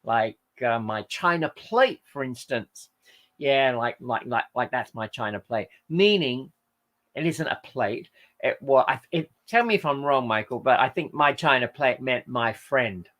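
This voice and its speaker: A man's voice: mid-range voice, a little slow, a bit bright. Rambling, tired man hosting a live chat. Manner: rambling, hesitant, with frequent fillers and self-corrections. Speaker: livestream host reading viewer comments. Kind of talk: casual chat.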